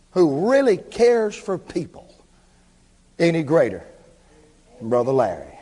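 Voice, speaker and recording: A man preaching a revival sermon, swinging between shouts and hushed words. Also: a little high. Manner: fervent, shouts and drops to a hush. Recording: echoey hall reverb.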